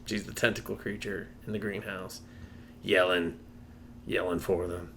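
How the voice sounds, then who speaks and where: A man with a low but bright, edgy voice retells a horror movie's plot beat by beat. His casual, profane storytelling is broken up by short character impressions. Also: flat delivery, normal speed, gravelly, slight background noise. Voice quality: swears casually, recaps scenes, acts out lines. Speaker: podcast co-host. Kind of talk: casual movie review chat.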